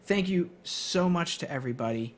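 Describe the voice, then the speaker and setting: A man's voice: on the high side, lively intonation, moderate pace, slight background noise. A male host chatting alone on his stream about the shows he watches. He talks loosely and rambles, with plenty of fillers and restarts. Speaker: podcast host. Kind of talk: casual solo stream chat.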